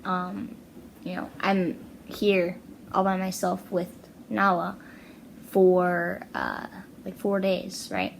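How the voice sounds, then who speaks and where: A woman's voice: lowish voice, level tone, slow pace, vocal fry, slight background noise, rough recording. A young woman chatting casually in a vlog, rambling with lots of fillers, alone in a house. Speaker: vlogger. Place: house, indoors.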